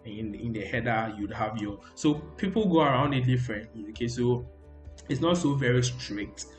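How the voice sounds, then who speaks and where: Over a screen recording, a man with a mid-range, animated voice teaches a coding tutorial at normal speed. He talks loosely and repetitively, dropping "okay, so" between steps. Faint music plays behind him, and the room gives a roomy echo.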